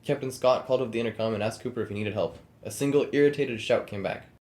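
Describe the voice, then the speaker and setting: A man co-hosting a podcast, reading a true-crime story aloud between casual banter with friends. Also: mid-range voice. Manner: quick, reads script in steady storytelling cadence. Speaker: podcast co-host narrating the story. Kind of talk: casual podcast chat and read narration.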